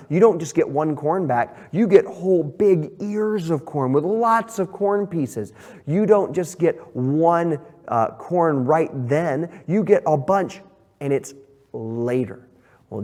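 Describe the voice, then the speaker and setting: Guy teaching a kids bible lesson, kinda high voice, big echoey church sound. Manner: animated storytelling, reads scripture aloud.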